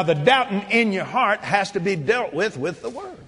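An older man preaching a sermon, quoting scripture and telling a testimony, at times shouting praise. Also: sits high, big pitch swings, measured pace, slightly rough, big-room sound.

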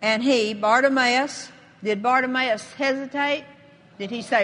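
A woman preaching a sermon with a bright, ringing voice, pitched a little high. Her words carry a long reverb from a large hall. She builds into bold, emphatic proclamation as she reads scripture. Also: unhurried.

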